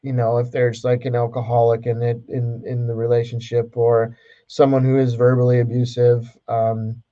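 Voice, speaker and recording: A man's voice: mid-range voice, monotone, moderate pace, muffled recording. A man co-hosting a casual podcast, talking with many fillers and restarts. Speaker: podcast co-host. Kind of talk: casual chat.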